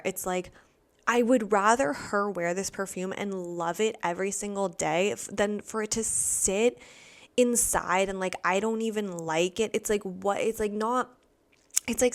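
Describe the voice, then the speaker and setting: A young woman from the United States telling a casual story in a rambling monologue, filling her talk with "like" and quick asides. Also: mid-range voice. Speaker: vlogger.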